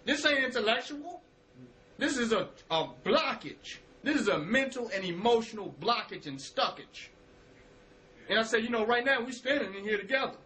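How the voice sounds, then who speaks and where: A man giving a motivational spiritual talk in casual slang. He quotes himself, repeats phrases and swings between loud and hushed lines. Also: very high-pitched, expressive, moderate pace, poor audio. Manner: casual street slang, curses.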